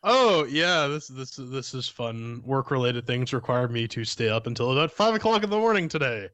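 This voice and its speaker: A man's voice: mid-range voice, expressive, moderate pace, a bit bright, dry recording. A man from Canada co-hosting a gaming podcast, rambling and joking in casual banter. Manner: rambling, joking, repeats words. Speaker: podcast co-host.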